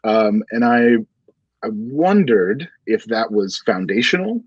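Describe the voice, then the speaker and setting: Male host, husky, dry dull recording, rambling questioner. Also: fairly low pitch, very animated, no echo. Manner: long-winded, halting, many fillers. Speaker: interviewer. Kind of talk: livestreamed bookshop conversation.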